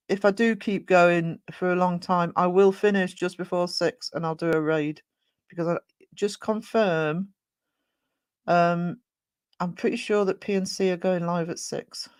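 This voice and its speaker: A live streamer chatting casually with viewers, croaky from a sore throat, rambling with many ums. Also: mid-range voice, dry recording.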